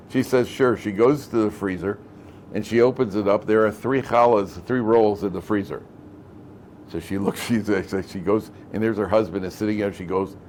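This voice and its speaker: Storytelling rabbi giving a lively lecture. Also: male voice, lowish voice, normal speed, a little hiss or hum. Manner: conversational, repeats phrases, acts out quoted speech. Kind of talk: Torah lecture with humorous stories. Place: classroom with a live audience.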